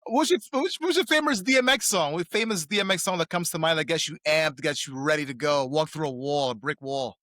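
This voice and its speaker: A man hosting a podcast interview, upbeat, asking questions and hyping his guest along with quick affirmations. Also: on the high side, pushed and bright, no room sound, clean studio sound. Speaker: podcast host. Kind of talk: casual interview.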